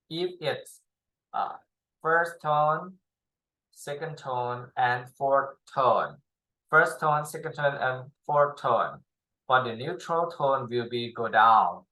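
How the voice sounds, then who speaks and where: A man with Thai as his first language teaching Chinese tones, speaking slowly with many repetitions, fillers and pauses. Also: mid-range voice, pushed and bright, low-quality recording. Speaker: Chinese tutor. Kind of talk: slow spoken language lesson.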